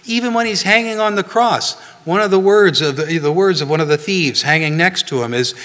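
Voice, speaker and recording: A pastor preaching in a relaxed, conversational manner, often checking in with "right?" His voice is slightly high and bright, and it carries a long reverb through the church hall. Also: a little fast, hardly any pauses. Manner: conversational, frequent "you know" and "right?" asides. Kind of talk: sermon.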